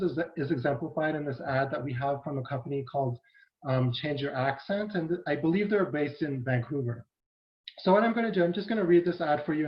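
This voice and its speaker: A man giving an academic conference presentation, earnest, often checking in with rhetorical questions. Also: a little high. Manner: earnest, with frequent rhetorical "right?" tags. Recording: muffled lo-fi online audio.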